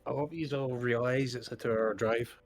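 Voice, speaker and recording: A man's voice: mid-range voice, fairly even intonation, moderate pace, faint music behind. A man playing a tabletop game over voice chat, teasing his friends and laughing. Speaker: tabletop player. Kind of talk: casual play over voice chat.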